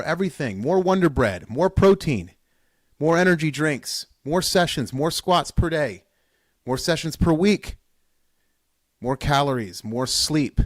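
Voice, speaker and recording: A man hosting a podcast, giving a fired-up motivational talk, piling up repeated calls in loud bursts. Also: medium pitch, no room sound, studio quality. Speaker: podcast host. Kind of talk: solo podcast pep talk.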